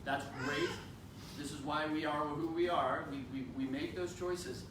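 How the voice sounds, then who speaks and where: A man's voice: a little high, steady tone. Impassioned man speaking at a rally. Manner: impassioned, emphatic, slowing for stress. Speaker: congressman. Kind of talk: campaign rally speech. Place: indoor town political rally. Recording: echoey room, distant mic, noisy.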